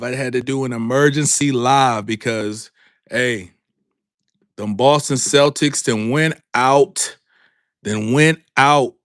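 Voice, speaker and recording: A man hosting a live sports talk stream, calling out to his viewers and repeating himself in a drawn-out way. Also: medium pitch, a bit bright, no echo, studio quality. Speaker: sports talk show host. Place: home studio with a green background.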